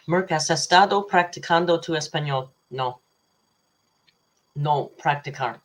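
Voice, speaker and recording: A woman with a low, husky voice hosts a relaxed livestream. She reads viewers' messages aloud and drifts into rambling, teasing chatter. She laughs often between her remarks. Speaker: livestream host. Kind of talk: casual live chat reading super chats.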